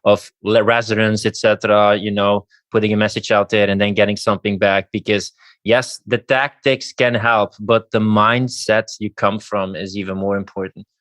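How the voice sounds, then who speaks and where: A man's voice: fairly low pitch, level tone, moderate pace, a bit bright, no echo. A man on a podcast who reflects on ideas at length and asks follow-up questions. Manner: reflective, explaining. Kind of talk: casual podcast chat.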